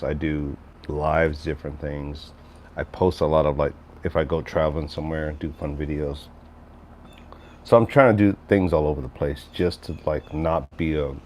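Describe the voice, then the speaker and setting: A deep-voiced middle-aged man chatting loosely on a livestream, rambling from one thought to the next as he answers his viewers. A faint hiss sits under his voice. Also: a little mellow. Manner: rambling, conversational, reads chat aloud. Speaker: livestream host. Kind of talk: casual livestream chat.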